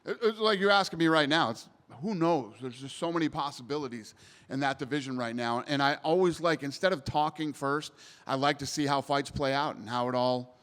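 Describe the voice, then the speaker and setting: His mid-range voice is fairly bright and a little fast as this promotion CEO takes reporters' questions after an event. Blunt, emphatic, and casually swearing, he speaks in a press area with long hall reverb.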